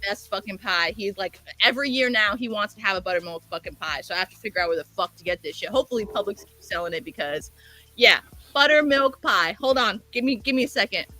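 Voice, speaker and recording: A woman telling a story in casual chat, animated and profane, acting out both sides of the conversation. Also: medium pitch, fast talker, no echo. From American South.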